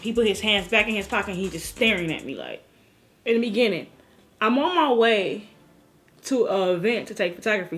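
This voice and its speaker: A woman vlogger telling a personal story in a casual way, acting out her own cries and other people's lines. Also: medium pitch. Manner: animated, acts out her own cries and quotes.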